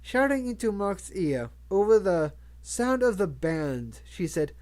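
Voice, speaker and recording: A reader narrating a novel aloud in a measured way, with occasional stumbles and restarts. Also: mid-range voice, very animated, a little mellow. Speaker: audiobook reader. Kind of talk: audiobook narration.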